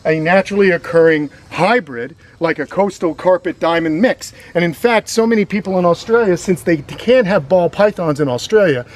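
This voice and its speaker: A man's voice: high voice, moderate pace, hardly any pauses. A man hosting a casual educational vlog outdoors on a grassy lawn, explaining reptiles with chatty enthusiasm. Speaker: reptile sanctuary host.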